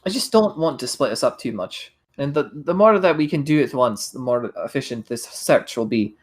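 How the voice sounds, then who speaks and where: A man's voice: mid-range voice, expressive, normal speed, husky. A man playing a tabletop game, arguing his plans in casual chat. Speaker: player.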